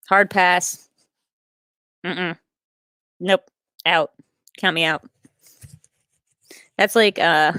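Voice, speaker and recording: In a mid-range voice, a woman streams live from a small attic in an old house and reads out her chat. Her talk is loose and rambling, laced with self-mocking humor and upspeak, and the audio is studio quality without room sound.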